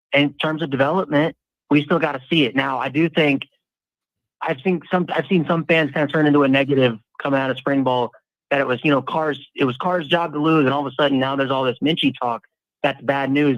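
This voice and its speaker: A man's voice: medium pitch, no room sound, highs cut off. A man in casual sports talk, analyzing football at length with frequent restarts.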